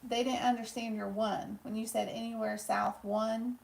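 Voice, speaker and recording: Creaky-voiced woman reading chat in an echoey room. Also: a little high, little pitch movement, moderate pace. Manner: reads viewer comments aloud, soft-spoken. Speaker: live stream co-host reading chat. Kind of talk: casual live-stream chat.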